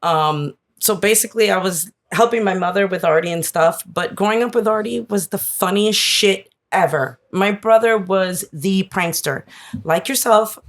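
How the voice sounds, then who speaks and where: A woman's voice: mid-range voice, moderate pace. A woman in her forties from Queens, speaking candidly as a podcast guest, laughing easily and swearing casually. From Flushing, Queens, New York. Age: 40s. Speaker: guest, sister of a fallen police officer.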